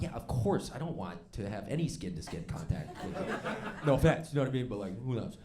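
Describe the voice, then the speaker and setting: A man doing stand-up storytelling on stage, animated and laughing along as he acts out the voices in his story. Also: medium pitch, racing. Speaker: stand-up comedian. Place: comedy club stage before a live audience. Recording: stage mic with loud crowd laughter.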